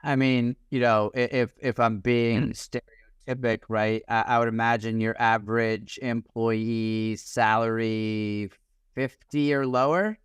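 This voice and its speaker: A man's voice: medium pitch, level tone, a little slow, clear, resonant tone, no room sound, muffled recording. A man hosting a podcast interview, thoughtful and conversational. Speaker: podcast host.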